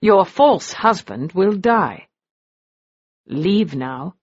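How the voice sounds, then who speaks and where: Woman doing a lethal aristocrat: icy low drawl, lazy and elegant, slow and unhurried. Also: big pitch swings, breathy edge, heavily acted. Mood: icy menace. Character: cold lethal aristocratic man. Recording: dull lo-fi audio.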